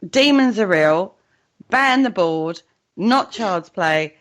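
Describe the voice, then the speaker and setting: A woman's voice: medium pitch, lively intonation, takes it slowly, fairly bright tone. A British woman co-hosting a radio chat show, giggling as she reads items aloud.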